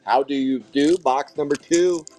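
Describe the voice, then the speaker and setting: A man's voice: mid-range voice, unhurried, a little hiss or hum. A man hosting a live trading card break, calling out each pull with hype-filled, casual commentary and the odd curse. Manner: hype-driven, excitable calling of card pulls, casual swearing.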